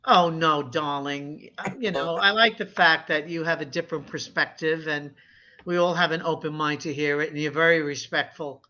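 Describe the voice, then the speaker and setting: A woman from the US East Coast hosting a casual live-stream chat, animated and effusive with her guests. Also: deep voice, normal speed, muffled recording, a little hiss or hum. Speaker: livestream host.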